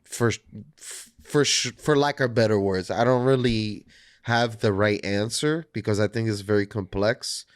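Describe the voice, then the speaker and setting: Slow, low-voiced thoughtful man. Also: smooth, dry recording, studio quality. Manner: thoughtful, searching for words. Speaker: podcast co-host. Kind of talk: casual podcast discussion.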